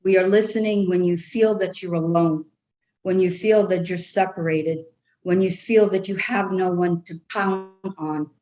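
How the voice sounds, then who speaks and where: A woman's voice: fairly low pitch, fairly even intonation, measured pace, mellow, a little hiss or hum, rough recording. Woman channeling with an Irish brogue. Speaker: trance channel. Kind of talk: trance channeling, speaking as a group of guides.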